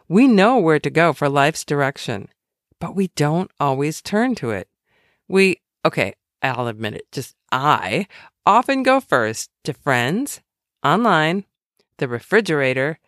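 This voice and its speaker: Woman reading her own faith book out loud, bouncy expressive voice, chatty with wry little asides, dry close sound. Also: deep voice, no room sound.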